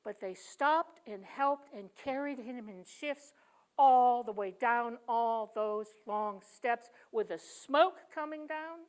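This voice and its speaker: A woman with a fairly high voice gives a sermon at a church service. She tells stories with emphasis and swings between loud, pressing lines and hushed ones. She leans on rhythmic repetition to drive her point home. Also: takes it slowly, smooth. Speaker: guest speaker and poet.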